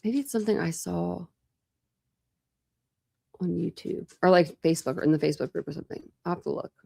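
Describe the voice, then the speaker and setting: A woman's voice: on the low side, a little fast, creaky, a little mellow. Rambling, chatty woman hosting a livestream. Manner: rambling, filler-heavy, chatty. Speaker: true crime channel host. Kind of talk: casual livestream chat.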